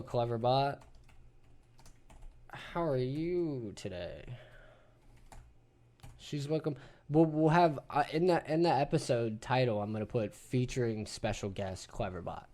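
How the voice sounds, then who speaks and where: A man in his thirties hosts a relaxed group podcast in an ordinary mid-range voice. He tells stories with animated energy and drops casual swearing along the way. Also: mid-range voice. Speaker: podcast host.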